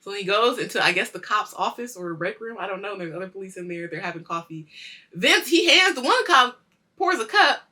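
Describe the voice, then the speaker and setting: A woman hosting a weekly show, casually reviewing a TV episode, animated and swearing freely as she acts out the scenes. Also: medium pitch, fairly quick. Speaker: host of a weekly culture show.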